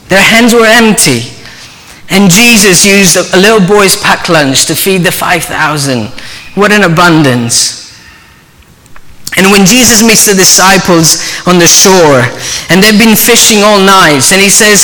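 A man preaching a sermon, telling a story earnestly and dropping to a soft voice for quoted speech. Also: fairly high pitch, measured pace. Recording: long hall reverb.

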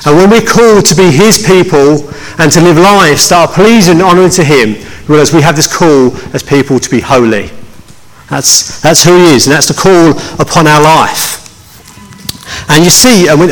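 A man's voice: fairly high pitch, fairly bright tone. A man preaching a conversational sermon as pastor, joking with his congregation and often restarting his sentences. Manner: chatty, joking, with many restarts. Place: church hall. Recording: long hall reverb.

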